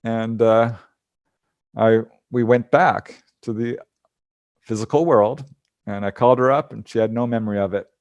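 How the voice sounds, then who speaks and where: A man giving a casual talk over a video call, telling personal stories with lively acted-out dialogue and small laughs. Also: medium pitch, moderate pace, pauses often, no room sound, highs cut off. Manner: animated storytelling, acts out quoted dialogue with laughs. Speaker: speaker on out-of-body travel.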